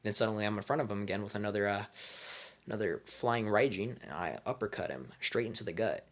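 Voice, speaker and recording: A man's voice: fairly low pitch, quick pace. A man casually telling a made-up fan story, crude, slangy and rambling.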